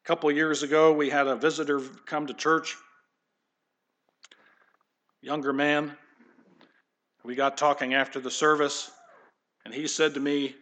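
A man's voice: a little high, little pitch movement, a little slow, long pauses, a bit bright. A man preaching a sermon as pastor, swinging between punchy declarations and casual conversational asides.

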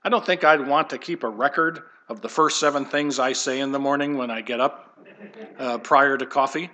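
A man's voice: medium pitch, moderate pace, pushed and bright. A man preaching a conversational sermon to his congregation, with light humor and asides. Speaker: pastor.

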